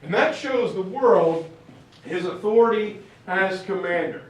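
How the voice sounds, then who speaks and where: High-voiced man lecturing in an echoey room. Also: expressive, measured pace. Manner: chatty storytelling with fillers and asides. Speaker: history teacher. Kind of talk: casual lecture. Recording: echoey room, mic far off.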